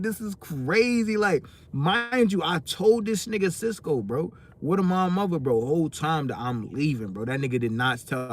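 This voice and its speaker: A young man telling a casual storytime vlog, animated and slangy, his voice jumping up when he gets exasperated. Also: a little high. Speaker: storytime vlogger.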